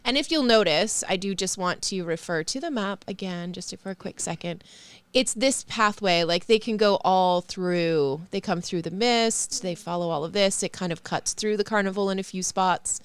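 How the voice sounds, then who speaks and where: A woman running a tabletop game as game master, narrating in a relaxed, chatty way. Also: medium pitch, normal speed, smooth. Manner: relaxed, chatty, laughs easily.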